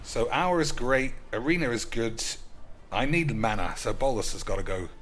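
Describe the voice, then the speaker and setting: A man's voice: medium pitch, animated, moderate pace, fairly bright tone, a little hiss or hum. A young man streaming a card game, talking brashly with a lot of swearing and calling his viewers boys. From United States. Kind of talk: casual gaming commentary.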